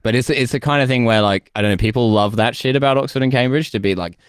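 A man hosting a casual comedy podcast, rambling and wry, quick to laugh. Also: medium pitch, smooth, dry recording, clean studio sound. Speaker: podcast host.

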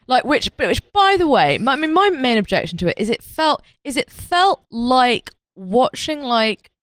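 Woman with a lively, swooping voice. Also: high-pitched, moderate pace, dry recording. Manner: sweary, rambling, full of "like" fillers. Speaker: podcast co-host. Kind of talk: casual comedic film chat.

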